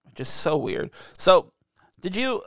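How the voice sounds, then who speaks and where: Male co-host, teasing deadpan humor, animated delivery, dry recording. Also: sits high, a little slow, no echo. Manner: playful, teasing, deadpan jokes. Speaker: podcast co-host. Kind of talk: casual movie review chat.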